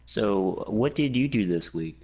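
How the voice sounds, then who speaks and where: A man's voice: fairly low pitch, animated, unhurried, mellow, husky, muffled recording. A man joking and teasing in a casual late-night chat. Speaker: guest.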